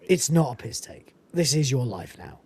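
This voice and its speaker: A woman's voice: very deep voice, sing-song, normal speed, warm tone, slightly rough, no echo. A woman hosting a podcast, chatting casually and enthusiastically about a film, swearing freely and laughing often. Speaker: podcast host reviewing a film. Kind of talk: casual chat.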